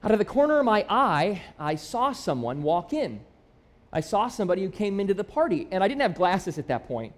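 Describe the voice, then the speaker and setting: High-voiced man preaching a story-led sermon. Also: very animated, fairly quick. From Michigan. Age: 30s. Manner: storytelling, conversational and self-deprecating; builds to emphatic, rising appeals. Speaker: pastor.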